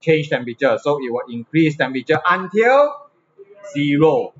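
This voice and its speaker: A man's voice: on the high side, big pitch swings, moderate pace. Singaporean male physics teacher, lo-fi. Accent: Singaporean English. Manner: checks understanding with frequent tag questions. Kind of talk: classroom lesson. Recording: slightly dull lo-fi recording, faint ambience.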